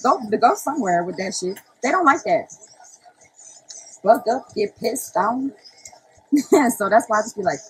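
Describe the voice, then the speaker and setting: A woman's voice: mid-range voice, animated, a little slow, long pauses, husky, rough recording. A young woman ranting casually on a phone livestream, brash and profane, often breaking into laughter.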